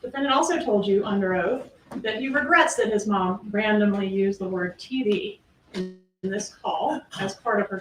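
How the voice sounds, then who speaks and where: In an echoey courtroom recorded from a distance, with a bit of hiss or hum, a woman prosecutor makes her closing argument. Her medium-pitched, fairly bright voice drives pointed rhetorical questions at the jury, punctuated by emphatic pauses.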